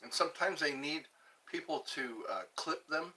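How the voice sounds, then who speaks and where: A man hosting a casual livestream, chatting slowly and rambling while greeting viewers and answering comments as he eats. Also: a little high, expressive, pushed and bright, slight background noise. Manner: slow, rambling, chatty, restarts words, eating while talking. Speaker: livestream host. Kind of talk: casual live chat reading comments.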